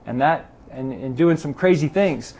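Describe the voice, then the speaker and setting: A man's voice: fairly high pitch, unhurried, creaky, slight background noise. A middle-aged man from Los Angeles, a triathlon club president, telling stories in a casual interview and acting out the dialogue. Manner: animated storyteller acting out quoted dialogue. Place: garage.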